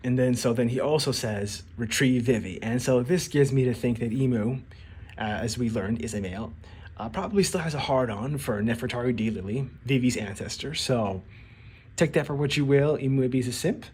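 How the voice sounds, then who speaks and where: A man's voice: mid-range voice, brisk, darkish tone, slightly rough. A man giving casual video commentary on an anime, rambling and restarting his words as he acts out quotes.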